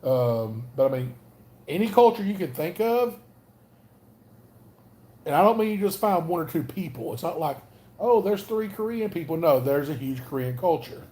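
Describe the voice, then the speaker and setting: A man with a Southern Alabama accent talks in a loose, rambling way as he hosts a livestream chat. His voice sits a bit high for a man and has a mellow, warm tone. He keeps stopping to greet viewers by name. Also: lively intonation, moderate pace, pauses often. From North Alabama. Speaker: livestream host.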